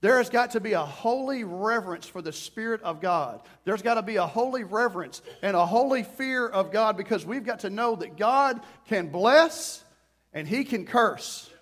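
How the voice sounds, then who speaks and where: A pastor delivers a sermon with a fairly high-pitched voice for a man. He preaches with passion, sometimes rising into loud pleading prayer and acting out quoted voices along the way. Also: lively intonation, moderate pace.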